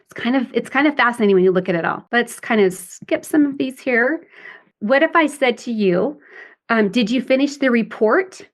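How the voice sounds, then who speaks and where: A middle-aged woman parent coach explains her ideas in a podcast interview. She has a fairly high voice and slips into acted example dialogues to make her points. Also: animated, normal speed.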